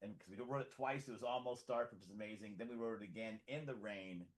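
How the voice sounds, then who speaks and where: A man co-hosting a casual podcast chat, telling a lively story and acting out other people's voices and screams along the way. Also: lowish voice, quick pace. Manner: animated storyteller who acts out screams and quotes. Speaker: podcast co-host.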